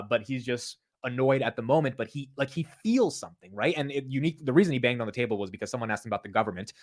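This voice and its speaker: A young man giving casual, blunt market commentary in an animated way, with frequent fillers and restarts. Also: mid-range voice. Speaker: investing commentator.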